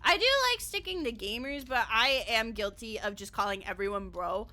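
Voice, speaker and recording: A young adult woman streams a game live, chatting in a bubbly way, laughing often and swearing offhandedly. Her fairly high voice runs at normal speed over heavy background noise.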